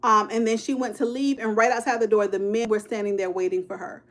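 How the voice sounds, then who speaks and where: A woman in her fifties hosts a casual true-crime livestream in a steady, mid-range voice, moving along briskly. Peppering her talk with "y'all," "child" and "honey," she speaks straight to viewers and answers comments as she goes.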